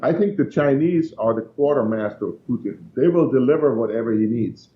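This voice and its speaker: A man's voice: medium pitch, lively intonation, fairly quick, slight background noise. A man giving blunt, emphatic answers as a guest in a political interview. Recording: dull, echoey remote line.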